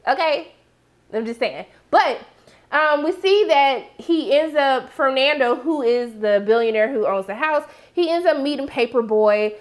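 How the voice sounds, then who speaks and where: A young woman, giving a sassy, animated recap of a TV episode and acting out her reactions. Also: fairly high pitch, moderate pace. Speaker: TV recap host. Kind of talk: casual recap commentary.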